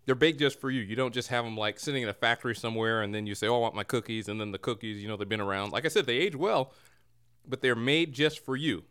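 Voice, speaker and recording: A man's voice: mid-range voice, quick pace, a bit bright, clean tone. A man hosting a casual comedy podcast from a home room, with a playful mock radio-announcer delivery. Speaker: podcast host. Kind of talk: casual comedic chat show. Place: home room near a window.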